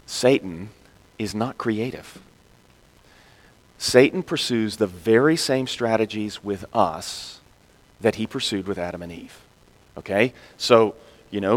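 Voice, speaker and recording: A man preaching a sermon, animated, acting out quoted speakers with sudden jumps in pitch and loudness. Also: slow, pauses often. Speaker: pastor. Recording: long reverb in a large hall.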